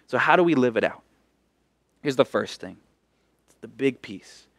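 A man preaching a sermon as pastor, expressive, moving between emphatic lines and hushed ones. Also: mid-range voice, moderate pace, pauses often, dry recording.

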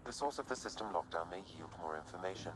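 An actor voicing a calm male AI assistant in a game, giving flat, clipped status reports. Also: low-pitched, quick pace, noisy background.

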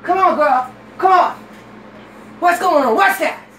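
A man voicing a loud, bossy woman who runs the house, nagging and repeating herself in a roomy, distant recording. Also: very high-pitched, unhurried, slight background noise, full character voice. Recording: roomy, distant room sound.

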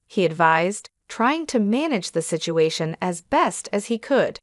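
A woman narrating a first-person family drama story in an even, measured reading style. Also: on the low side, no echo, studio quality.

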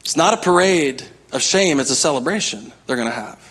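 A man's voice: on the high side, lively intonation, fairly quick, fairly bright tone, husky. A man preaching a sermon as pastor, emphatic, repeating his key phrases and calling out to the congregation.

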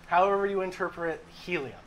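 A slightly high, bright male voice with a crisp edge, chatting easily with friends over a party game. His tone is relaxed and conversational. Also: slight background noise. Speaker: game show player. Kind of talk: casual party-game banter.

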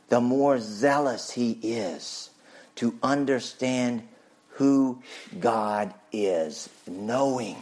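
A male pastor preaching a sermon emphatically, asking rhetorical questions and swinging his pitch widely.

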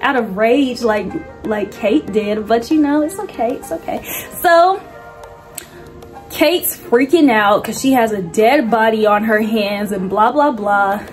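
A young woman casually recapping a movie's plot, slangy and animated, with big swoops in her voice. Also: fairly high pitch, slow pace, soft background music. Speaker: movie reviewer.

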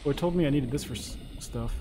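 A man talks his way through a survival video game at a mid pitch, musing out loud about what to craft next. His voice sits over a steady wash of noise and game sound. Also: quick pace. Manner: chatty, thinking aloud while playing. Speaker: gaming streamer. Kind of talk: casual gameplay commentary.

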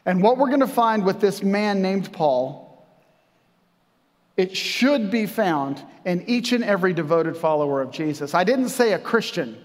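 A man's voice: high-pitched, expressive, unhurried. A man preaching a sermon as pastor, talking conversationally with joking asides. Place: church sanctuary. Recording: long reverb from a church hall.

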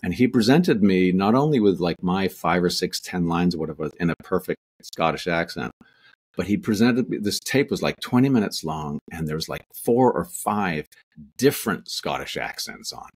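A man's voice: low voice, lively intonation, moderate pace, slightly rough. A Canadian man, an actor, telling rambling anecdotes in a casual interview, full of restarts and fillers. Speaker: actor guest.

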